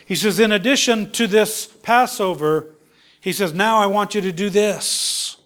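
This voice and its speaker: Pastor, male, fairly high voice, impassioned preaching that falls to a hush. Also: a little slow. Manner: impassioned preaching, rises and drops to hushed tones. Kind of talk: sermon.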